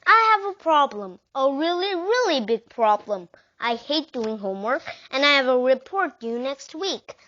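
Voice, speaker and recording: Brief: woman, expressive children's book read-aloud, lo-fi sound. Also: sits high, normal speed. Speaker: reader. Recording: dull lo-fi recording.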